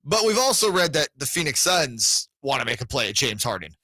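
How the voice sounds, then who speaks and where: Sports radio co-host, man, lively and bright, dry studio sound. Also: medium pitch, brisk, no echo. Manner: lively, enthusiastic fan talk. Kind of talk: casual sports radio banter.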